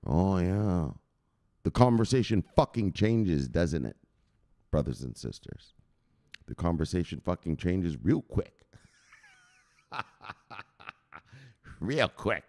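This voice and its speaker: A man's voice: low-pitched, very animated, slow pace, long pauses, mellow. A man hosting a crypto channel, giving a coarse, swearing motivational rant and constantly asking "right?".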